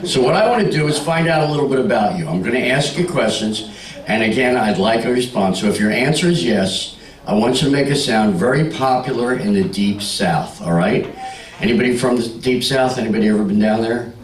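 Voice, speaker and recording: A male stand-up comic working a club crowd, brash and teasing, his pitch swinging up and down as he sells each joke. He sounds a bit off the mic, with an echoey room around him. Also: lively intonation, brisk, recorded from a distance. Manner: brash, teasing, bawdy banter with the audience. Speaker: stand-up comedian. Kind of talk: stand-up comedy with crowd work. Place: comedy club stage.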